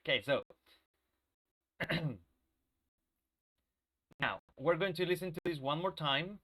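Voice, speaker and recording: A slightly high, sharp-toned male voice, slow and frequently pausing, belongs to an English teacher with a sore throat. Running a live online class, he stays patient, checks on students, and repeats the main points.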